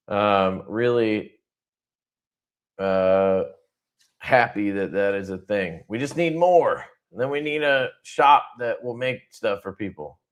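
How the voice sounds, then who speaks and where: A man hosting a casual livestream who rambles loosely, swears freely and laughs often. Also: lowish voice. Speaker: livestream host.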